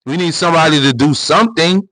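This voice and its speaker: A man's voice: fairly high pitch, fast, sharp tone, no room sound, poor audio. A man hosting a livestream, giving casual political commentary in an emphatic, repetitive way full of rhetorical questions. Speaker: livestream host.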